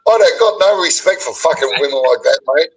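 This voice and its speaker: A man's voice: on the high side, lively intonation, fairly quick. Profane, ranting Australian man, slightly distant. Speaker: stream guest. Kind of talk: heated casual chat.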